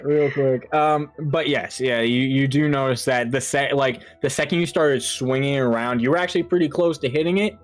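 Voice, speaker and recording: This man, whose voice sits in the mid-range, serves as game master for a tabletop horror game. His speech halts often, full of fillers and restarts.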